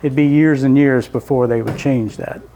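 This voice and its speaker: A man's voice: medium pitch, steady tone, moderate pace, warm tone, a little hiss or hum. A man giving a casual, conversational history lecture with slides, explaining step by step and turning to the audience with asides. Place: library lecture room.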